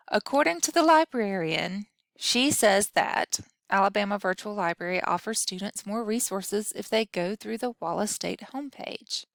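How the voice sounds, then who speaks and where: A woman's voice: mid-range voice, vocal fry, no echo, clean studio sound. A woman instructor giving a recorded grammar lesson, explaining patiently and talking through example sentences aloud.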